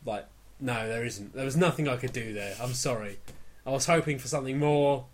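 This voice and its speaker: A man's voice: mid-range voice, fairly quick, a little hiss or hum. A man co-hosting a podcast, chatting casually with sarcastic, sweary banter. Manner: sweary, sarcastic, breaks into mock rants. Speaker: podcast co-host.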